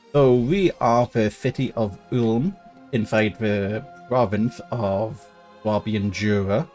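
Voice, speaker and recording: A man's voice: fairly low pitch, slow, a little mellow, faint music behind. A man giving casual let's-play commentary on a strategy game, thinking aloud with fillers and restarts. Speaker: gaming YouTuber.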